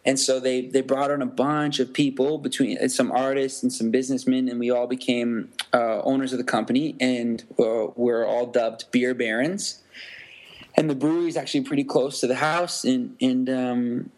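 A man's voice: medium pitch, steady tone, moderate pace, a little mellow. A man from Canada, a musician guest, talking casually in a podcast interview with many restarts and fillers.

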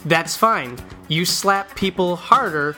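A man with a bright, forward voice co-hosting a loose sports podcast. He rambles, stops and restarts his sentences, and chuckles as he goes. Faint music sits under the talk. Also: high voice, slow. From American Midwest. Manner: rambling, self-correcting, chuckles often. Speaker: podcast co-host. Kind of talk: casual sports chat.

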